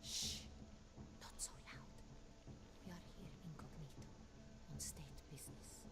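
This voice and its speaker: An actress playing a noblewoman in disguise who speaks in a hushed, urgent, commanding way. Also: low voice, fairly even intonation, measured pace, whispered.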